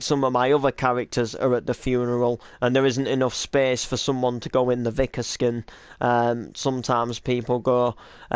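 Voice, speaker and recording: A man's voice: mid-range voice, clean tone, no echo, studio quality. A man who runs a game roleplay series, chatting casually and rambling with many hesitations and restarts. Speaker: roleplay series creator and cameraman. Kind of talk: casual chat.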